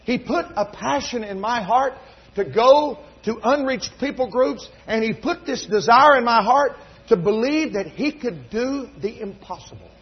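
A man's voice: very high-pitched, animated, measured pace, husky. A middle-aged man, a pastor from North Carolina preaching a sermon in a church, telling folksy stories and rising to emphatic fervor. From North Carolina, USA. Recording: dull lo-fi recording.

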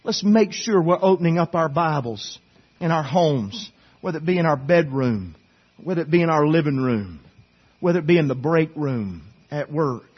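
A man's voice: a little high, animated, normal speed, slightly rough, muffled recording. A middle-aged man preaching a sermon to his church as their pastor, earnest and pleading, urging them again and again. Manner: earnest, pleading, repetitive exhortation. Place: church sanctuary.

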